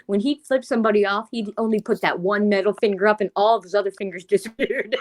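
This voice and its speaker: A young woman chatting casually, telling animated stories, swearing often and mimicking other people's voices. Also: medium pitch, quick pace, few pauses. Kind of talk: casual chat.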